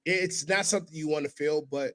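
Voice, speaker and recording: A man hosting a casual podcast, telling stories with animated delivery and sudden loud impressions. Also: on the high side, a little fast, low-quality recording. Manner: animated storytelling, breaks into loud shouted impressions. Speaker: podcast host.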